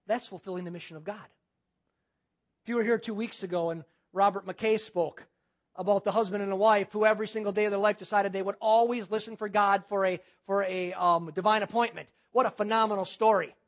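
A man's voice: high voice, fairly even intonation, fairly quick. A man preaching a sermon as pastor, using repetition and rhetorical questions.

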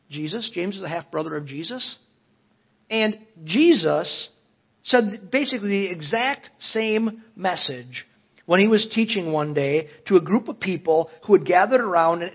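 A man preaching to a congregation, earnest and emphatic, his voice rising high as he questions them. His tone has a husky edge, and the recording sounds dull and lo-fi. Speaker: pastor. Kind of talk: sermon with scripture reading. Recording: dull lo-fi audio.

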